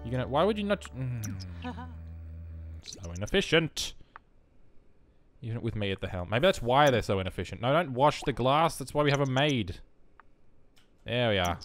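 A man's voice: medium pitch, big pitch swings, moderate pace, pauses often, soft background music. A young man giving wry, self-mocking commentary while playing a life-simulation game. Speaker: let's play host. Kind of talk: casual gameplay commentary.

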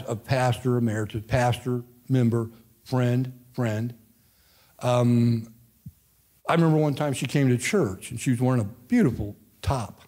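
A man's voice: mid-range voice, darkish tone. Rambling folksy older pastor, man. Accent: American Midwestern. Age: 50s. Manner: folksy, rambling, self-interrupting. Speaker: pastor emeritus. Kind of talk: informal Bible study teaching. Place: church room with a class.

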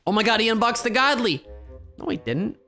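A gaming video host giving casual, excitable gameplay commentary and chatting with viewers. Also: mid-range voice, a little fast, faint music behind.

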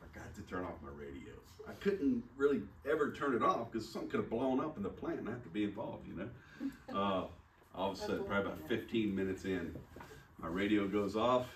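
A man preaching in a casual storytelling way, chatty and quick to laugh, full of "you know.". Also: fairly low pitch, lively intonation. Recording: roomy sound from a distant mic with faint background hum.

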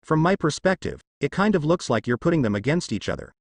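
A man's voice: a little high, big pitch swings, fast talker, dry recording. A man reading a fan story, voicing a stern, proud alien father who talks in a firm, harsh way.

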